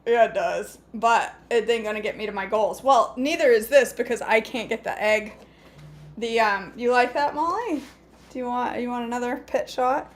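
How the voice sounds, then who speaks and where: Middle-aged lady vlogging from her kitchen, chatty and jokey, slightly high voice, faint hiss behind. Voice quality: chatty, self-mocking, talks to viewers by name. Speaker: cooking vlogger. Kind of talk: casual kitchen chat to live viewers. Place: home kitchen.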